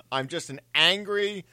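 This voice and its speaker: A man's voice: high voice, takes it slowly, bright, forceful tone, no echo. A man co-hosting a sports radio show, self-mocking and laughing often as he stammers through his points. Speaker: radio co-host. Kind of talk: casual radio banter.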